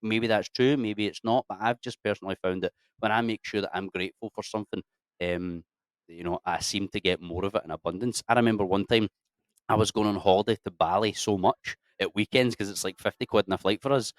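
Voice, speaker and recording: A man's voice: lowish voice, fairly quick, no room sound, studio quality. A Scottish man chatting casually as an interview guest, swearing freely and putting on voices as he tells stories. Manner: sweary, animated storyteller, puts on voices for locals.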